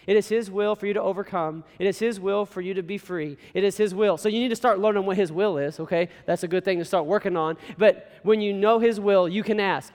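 Young guy preaching, high voice, earnest, folksy, lots of echo in a big church. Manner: earnest, exhorting, folksy asides. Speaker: pastor. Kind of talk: sermon. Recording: long hall reverb.

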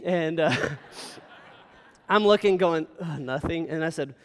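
A high, smooth-voiced male pastor preaches a sermon. He talks like he's telling a story, and keeps checking in with his listeners. His voice carries through a large hall with a long reverb. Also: slow. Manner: storytelling, conversational, frequent "okay?" checks.

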